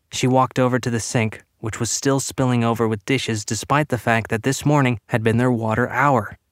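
A man giving a steady, even scripted narration of a story, like an audiobook reader. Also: mid-range voice, no room sound, clean studio sound.

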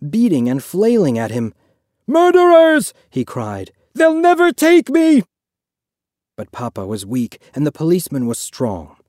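A male audiobook narrator with a mellow, dark voice, reading at a measured pace. He sinks low and quiet in the somber stretches. The recording is dry and close. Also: no room sound.

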